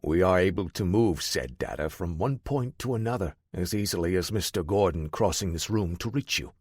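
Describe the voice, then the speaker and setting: A man voicing a menacing male crime boss who speaks slowly and deliberately. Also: deep voice, lively intonation, no room sound, clean studio sound. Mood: cold.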